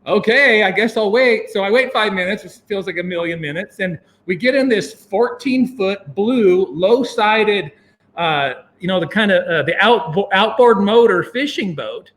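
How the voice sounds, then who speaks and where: An American man casually telling a long story, acting out his own thoughts in a rambling, animated way. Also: measured pace. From United States. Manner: animated, acts out his own past thoughts with sudden jumps in pitch; rambling, with many fillers and restarts.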